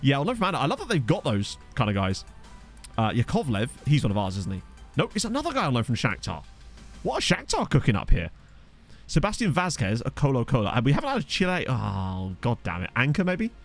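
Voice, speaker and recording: A young man chats his way through a football management game, his pitch leaping up and down as he jokes and reacts. His voice sits in a middle register, and soft music plays underneath him. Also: huge pitch swings. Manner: chatty, joking, reacts with quick exclamations. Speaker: gaming video host. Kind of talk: casual gameplay commentary. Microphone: desk USB microphone.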